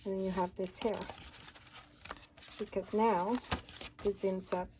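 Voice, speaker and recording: In a casual paper-craft tutorial, a woman chats and counts aloud while folding and cutting, her medium-pitched voice warm and fairly even. She takes her time, and the recording carries noise and handling clicks.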